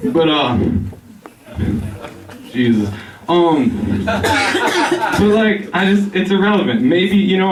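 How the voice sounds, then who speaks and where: Laid-back young male stand-up comic. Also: on the high side. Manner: laid-back, rambling, giggles at his own jokes. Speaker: stand-up comedian. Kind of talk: stand-up routine. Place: barber shop. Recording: echoey room, mic at a distance.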